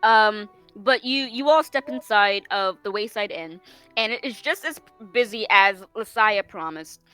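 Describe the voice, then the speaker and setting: A woman runs a tabletop game as game master, her voice bright and clear. She narrates in a halting way, with many ums and restarts, while faint music plays underneath. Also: medium pitch. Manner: halting, full of ums and self-corrections.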